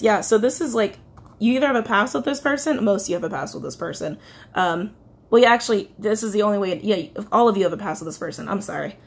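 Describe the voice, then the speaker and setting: A woman talking her way through a tarot reading for her subscribers in a loose, rambling way, full of fillers and restarts. She swings between excited and teary as she goes. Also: mid-range voice. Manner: chatty, rambling, emotional, frequent fillers and self-corrections. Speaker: tarot reader. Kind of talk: casual spoken tarot reading.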